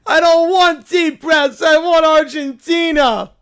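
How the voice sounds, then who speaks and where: A performer voicing a spoiled cartoon little boy who whines, cries and complains in a high voice. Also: slow. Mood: shouting. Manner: whining, crying, complaining.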